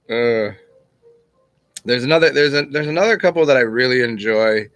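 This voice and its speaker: A man talking casually as a channel host, teaching and telling old parables in a rambling, unhurried way, with restarts and the odd chuckle. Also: medium pitch, a bit bright, no room sound. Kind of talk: casual spoken teaching and storytelling.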